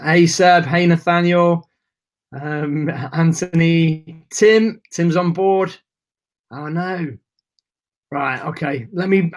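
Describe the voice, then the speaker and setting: A man hosting a live webinar, chatting casually and greeting viewers by name, a bit nervous. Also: a little high. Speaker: webinar host.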